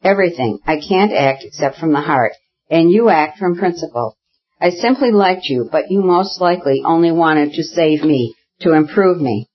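A reader voicing Kitty, a proud young woman who speaks in impassioned, insistent bursts, with a husky voice. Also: medium pitch, lively intonation, normal speed, muffled recording. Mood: furious. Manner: impassioned, insistent, repeating herself. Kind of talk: audiobook character reading.

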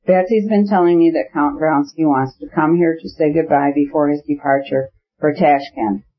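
A man reading the part of an agitated young aristocratic wife in an audiobook, with an earnest, hurried manner. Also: low-pitched, steady tone, lightly acted. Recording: dull lo-fi audiobook recording.

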